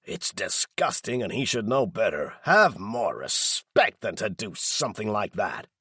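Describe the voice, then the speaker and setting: A male narrator voicing a stocky, bullying middle-aged stepfather who shouts with snarling contempt. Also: fairly low pitch, very animated, measured pace, husky, dry recording, studio quality, exaggerated voice. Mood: furious.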